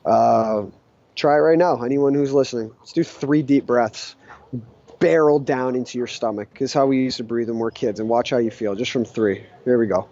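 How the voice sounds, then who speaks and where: A man in his thirties, a guest entrepreneur, chatting casually in a relaxed surfer-style way. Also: medium pitch, normal speed, highs cut off. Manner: laid-back, says "dude" and "like" often. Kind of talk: casual interview chat.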